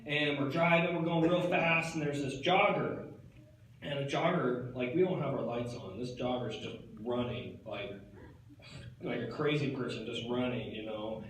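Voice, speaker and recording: A man's voice: medium pitch, normal speed, a bit bright, a little hiss or hum. A young man performing a comic stage monologue, rambling in slacker talk full of "like" and "dude". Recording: echoey hall picked up from far off.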